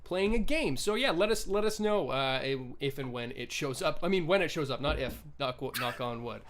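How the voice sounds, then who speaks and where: A man's voice: fairly high pitch, animated, moderate pace, a bit bright. A man hosting a tabletop game livestream, chatty with many fillers, speaking over a video call. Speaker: game master and host. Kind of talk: livestream host announcements.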